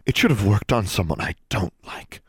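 An unstable teenage witch girl, quiet and wavering, with a husky edge and a slightly raised pitch, as a man reading the story puts her on. The dry, close reading keeps her voice intimate. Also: lively intonation, moderate pace, no room sound.

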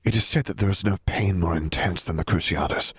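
A man voicing a soft-spoken manipulative wizard. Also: low voice, brisk, no room sound, clean studio sound. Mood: coaxing. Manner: soft, smooth, persuasive. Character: calm, manipulative young male dark wizard. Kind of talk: audiobook character voice.

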